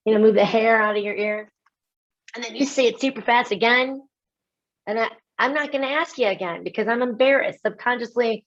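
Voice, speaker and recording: Delivering a keynote in a webinar, a woman from the United States is animated and jokes at her own expense, with quick asides and laughs. Her voice is fairly high, and the recording's highs are cut off.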